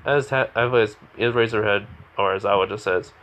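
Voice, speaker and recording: A man improvising a fan story as narrator, rambling and halting with many restarts. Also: on the low side, fairly bright tone.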